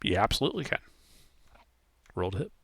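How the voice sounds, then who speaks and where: A man acts as game master, calling for rolls and handing down rulings in a matter-of-fact way. His pitch swings in a lively way as he talks. The sound is close and dry, with no room around it. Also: a little fast, vocal fry, breathy edge, no room sound. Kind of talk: running a tabletop game over voice chat.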